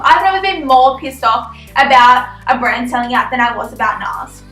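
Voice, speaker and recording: A woman's voice: high voice, animated, moderate pace, fairly bright tone. A young woman, reviewing beauty products in a casual vlog, blunt and ranting, swearing freely. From Australia. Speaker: beauty vlogger. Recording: echoey room with faint music.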